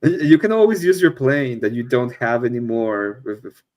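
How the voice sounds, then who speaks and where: A man's voice: mid-range voice, sing-song, normal speed, a crowd in the background. A man on a casual livestream chat, chiming in with dry, offhand remarks.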